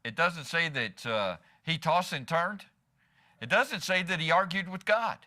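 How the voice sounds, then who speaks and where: A man's voice: on the high side, a little slow, bright, forceful tone. A man as pastor preaching a sermon in church, asking the congregation rhetorical questions and slipping in humor.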